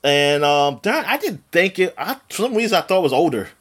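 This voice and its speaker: A man's voice: a little high, sing-song, a little fast, fairly bright tone, breathy edge. A man in his late thirties co-hosting a podcast, rambling through casual chat with lots of fillers and laughing often. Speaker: podcast co-host.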